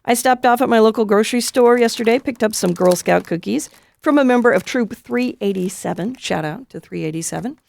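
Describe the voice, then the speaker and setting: A woman's voice: on the high side, brisk, gravelly, darkish tone, no room sound. A woman hosting a radio show in a studio, talking in a playful, chatty, upbeat way. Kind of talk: casual on-air interview.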